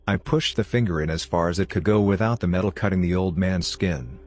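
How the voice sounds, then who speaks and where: A man narrating a horror story in a steady, confessional telling. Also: deep voice, brisk, no room sound.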